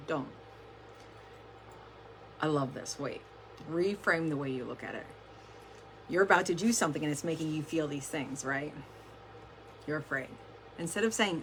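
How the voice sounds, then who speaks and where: A woman's voice: low voice, expressive, moderate pace, long pauses, a bit bright, slight background noise. A woman giving a casual motivational talk to her team on a livestream, chatty and peppered with "like" and the odd swear word. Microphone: camera close up, adjusted during stream.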